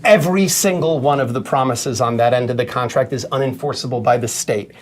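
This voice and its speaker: Sarcastic New York man, animated storyteller. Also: mid-range voice, a little fast. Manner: animated, sarcastic, acts out quoted dialogue. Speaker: attorney. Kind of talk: casual podcast conversation.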